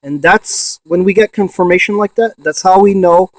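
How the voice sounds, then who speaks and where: A man in a ghost box session vlog, excitedly calling out to spirits and swearing when he insists to viewers. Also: sits high, normal speed, no room sound. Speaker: paranormal investigator.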